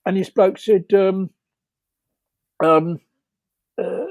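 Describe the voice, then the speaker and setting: A man's voice: fairly high pitch, very animated, moderate pace, darkish tone, breathy edge, dry recording. A man telling rambling anecdotes over a video call, laughing often, with many fillers and restarts. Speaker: storyteller guest.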